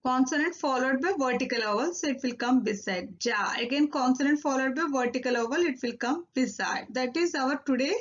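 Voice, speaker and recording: A woman teaching a recorded Korean lesson, repeating each word slowly and drilling syllables one by one. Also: high voice, lo-fi sound.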